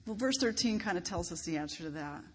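A woman pastor preaching a sermon, expressive and emphatic, lifting her voice on key words. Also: lowish voice, fast talker. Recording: long reverb of a large hall, faint background noise.

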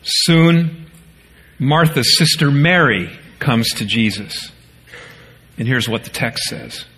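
High-voiced man preaching a sermon. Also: a bit bright. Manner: earnest preaching, voice rising in quoted pleas and dropping low. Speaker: pastor.

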